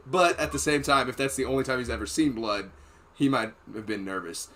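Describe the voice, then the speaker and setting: A former Marine hosting a podcast speaks at a medium pitch and a fairly quick pace. In a casual chat, he tells profane, rambling war stories with animated energy.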